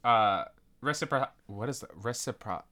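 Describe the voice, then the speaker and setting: Bright-voiced woman gushing over a show. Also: rumbling low, moderate pace. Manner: gushing, swears, trails off mid-sentence. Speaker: podcast co-host. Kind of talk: casual chat recapping a TV episode.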